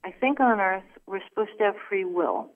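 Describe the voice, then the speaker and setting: A woman's voice: medium pitch, moderate pace. A woman guest earnestly telling a personal story on a call, with many restarts and fillers. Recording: phone line.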